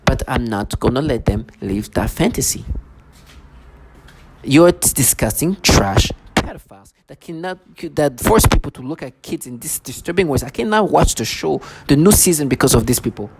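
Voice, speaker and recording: A man vlogging at home in an agitated, rambling way, circling back and restarting his sentences. His voice sits at an ordinary middle pitch. Steady background noise runs under the whole recording. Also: moderate pace, creaky. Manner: agitated, repetitive, many restarts. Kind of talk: rambling to-camera monologue.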